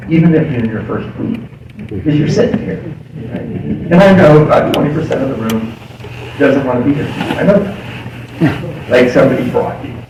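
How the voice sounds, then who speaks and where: A man's voice: medium pitch, normal speed, pauses often. A middle-aged man speaking at a recovery meeting, telling his story in a confiding way and laughing often. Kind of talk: recovery story told from a podium. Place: meeting hall. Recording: echoey hall, distant mic, background noise.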